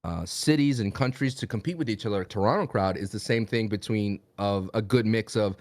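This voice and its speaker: A man's voice: on the low side, a little fast, darkish tone, dry recording, clean studio sound. A man co-hosting a podcast in casual chat, wry and teasing, often asking questions. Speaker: podcast co-host.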